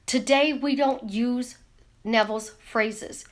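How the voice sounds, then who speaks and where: A woman coaching her viewers in a casual live stream, talking with her hands and firing off rhetorical questions. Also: on the high side. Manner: animated, talks with her hands, asks rapid rhetorical questions. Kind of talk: casual teaching monologue. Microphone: camera in front of her.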